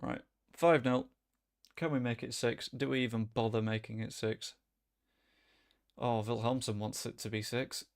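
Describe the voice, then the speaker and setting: A man chatting casually as he streams a football management game, rambling and breaking into sudden excited outbursts. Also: mid-range voice, a little slow. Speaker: gaming streamer. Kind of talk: casual gameplay commentary.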